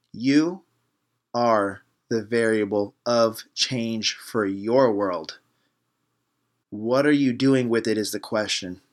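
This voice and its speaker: A man hosting a motivational podcast as a life coach, fired up and preachy, hammering home short repeated phrases. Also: mid-range voice.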